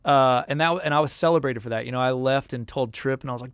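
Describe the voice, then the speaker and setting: A man's voice: mid-range voice, steady tone, fast, smooth, no room sound, clean studio sound. A man in his thirties, a musician guest in a casual interview, who tells stories animatedly with many fillers and acted quotes.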